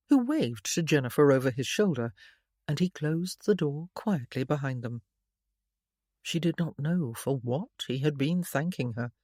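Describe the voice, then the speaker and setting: Woman narrating a gentle period romance. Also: low voice, dry recording, studio quality. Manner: gentle, measured storytelling; soft voices for the father. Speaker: audiobook narrator. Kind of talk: scripted narration.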